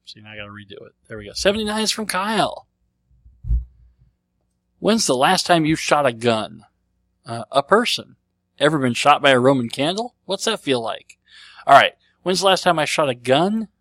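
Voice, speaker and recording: A man's voice: fairly high pitch, animated, moderate pace, long pauses, a bit bright, no room sound. Man rambling casually, dry sound. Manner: rambling and conversational, thinking aloud. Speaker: podcast host. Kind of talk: casual chat answering listener questions.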